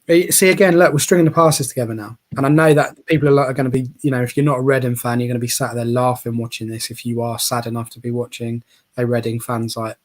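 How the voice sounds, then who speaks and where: A man giving casual, excitable live commentary on a football match as a co-host, chatty and quick to cheer and tease. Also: medium pitch. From England.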